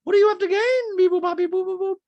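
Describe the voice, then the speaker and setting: A man imitating a fussy, prim woman in a very high, piping voice that he plays as robot-like. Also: steady tone, fast talker, dull audio. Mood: fretful.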